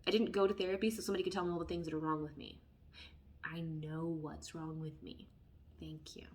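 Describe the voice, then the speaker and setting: A woman giving a casual tarot reading, chatty and expressive, who often drops into hushed asides. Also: deep voice, brisk, slight background noise. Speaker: tarot reader.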